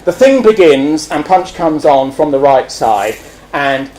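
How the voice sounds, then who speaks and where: A man giving a public speech, animated, acting out scenes and laughing. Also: fairly high pitch, a little slow, roomy sound, slight background noise, low-quality recording. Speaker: speaker.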